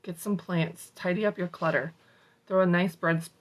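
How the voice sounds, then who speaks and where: A woman's voice: lowish voice, fairly even intonation, normal speed, poor audio. A woman hosting a morning motivation show, reading a self-help book aloud with casual, salty asides. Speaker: motivational host.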